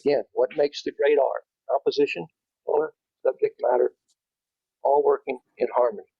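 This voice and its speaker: A man's voice: medium pitch, steady tone, normal speed, vocal fry, slightly rough, no room sound, highs cut off. A man giving an informal talk to a club, speaking conversationally and restarting his phrases as he goes. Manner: conversational, repeats and restarts, rising emphasis.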